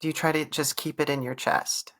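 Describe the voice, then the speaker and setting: A woman's voice: deep voice, flat delivery, fairly quick. A woman co-hosting a podcast in casual chat, asking curious follow-up questions. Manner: inquisitive, asks follow-up questions. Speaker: podcast co-host.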